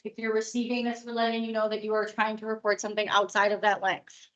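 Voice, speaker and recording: A hoarse woman presenting at a conference, explaining in a chatty way with joking asides. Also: medium pitch, monotone, fast talker, fairly bright tone, lo-fi sound. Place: conference room.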